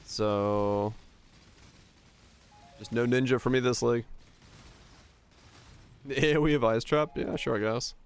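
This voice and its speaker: Gravelly, smooth-voiced male streamer. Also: medium pitch, fairly even intonation, measured pace, long pauses, faint music behind. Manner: rambling, answers chat questions, thinks aloud. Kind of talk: casual gameplay chat with chat.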